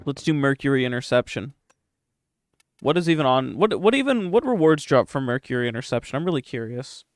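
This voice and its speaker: A man's voice: mid-range voice, sing-song, brisk, no echo, studio quality. A young man streaming a game live, joking and swearing as he chats with his viewers at a desk microphone. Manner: profane, joking, talks to chat. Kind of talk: casual live-stream chat.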